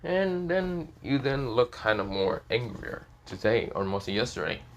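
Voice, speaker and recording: A man's voice: medium pitch, big pitch swings, unhurried, lo-fi sound, a little hiss or hum. A man putting on a teasing teenage schoolgirl. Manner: playful, cheeky, girly.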